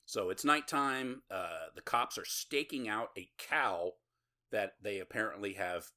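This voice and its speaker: A man hosting a podcast, casually retelling a horror movie with laughs, swearing and quick quoted lines. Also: fairly low pitch, sharp tone. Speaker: podcast host. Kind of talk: casual movie recap chat.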